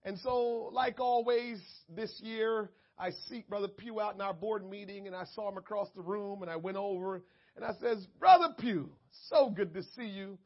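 A man pastor preaching a sermon, moving from calm storytelling to shouted, fervent preaching. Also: high voice, moderate pace, dull audio.

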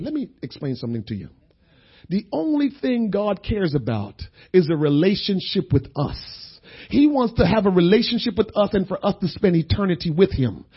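A man preaching a sermon who tells a story, going from quiet talk to shouting. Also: sits high, breathy edge, dull audio.

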